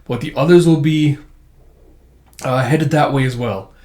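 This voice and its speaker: A man's voice: medium pitch, measured pace, a little mellow, natural voice. Stiff literal robot sidekick, male, formal and polite, a man reading it out, echoey room. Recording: roomy echo.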